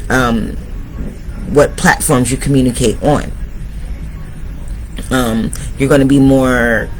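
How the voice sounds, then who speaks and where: A man's voice: medium pitch, a little hiss or hum, rough recording. A man giving a tarot reading, speaking straight to his viewers and urging them on. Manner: motivational, addresses viewers directly. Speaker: tarot reader.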